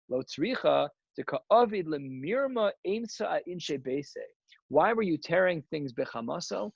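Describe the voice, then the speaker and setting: A man's voice: fairly high pitch, lively intonation, normal speed, vocal fry, slightly rough, no echo, muffled recording. A man teaching a daily Talmud lesson as a rabbi, emphatic and full of rhetorical questions, working through the text aloud.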